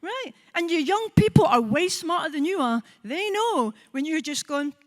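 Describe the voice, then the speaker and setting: A Scottish woman in her forties, a psychologist giving a conference talk, lively and engaging, often checking in with the audience. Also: extremely high pitch, normal speed. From Scotland. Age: 40s. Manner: lively, asks the audience with frequent "right?" and acts out quoted voices. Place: conference hall.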